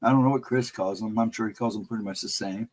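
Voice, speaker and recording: A man's voice: fairly low pitch, steady tone, quick pace, poor audio. Chuckling man rambling through a casual livestream chat. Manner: rambling anecdotal storyteller, chuckling often. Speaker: livestream host chatting with viewers.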